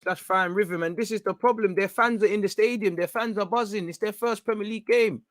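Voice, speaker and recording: Young man, fan watchalong host, excitable live match commentary, fairly high voice. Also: fairly quick, no echo. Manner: excitable, urgent, coaching the players.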